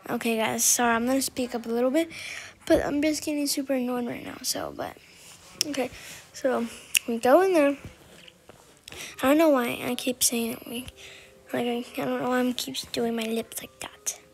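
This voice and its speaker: Female game voice-over, high pitched, rambling and chatty, quick to get annoyed. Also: fairly even intonation, rough recording. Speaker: gameplay commentator. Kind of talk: recorded voice-over of gameplay.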